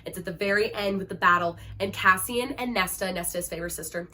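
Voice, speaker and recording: Young woman fangirling over books, super emotional, lots of likes and ums, normal pitch. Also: a little fast, pushed and bright. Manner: gushing and emotional, full of fillers, dramatic. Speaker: book reviewer. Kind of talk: casual chat about books.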